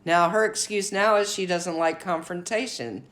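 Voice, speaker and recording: A woman's voice: on the low side, normal speed, a bit bright. Blunt opinionated woman vlogger. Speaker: commentary channel host. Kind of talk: opinion commentary vlog.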